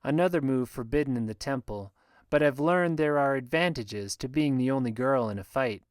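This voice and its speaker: A male audiobook narrator with a smooth, resonant voice of middling pitch, reading fantasy action in a steady, measured way. He is recorded close on a studio mic in a dry, dead room. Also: no room sound. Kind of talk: scripted first-person fantasy narration.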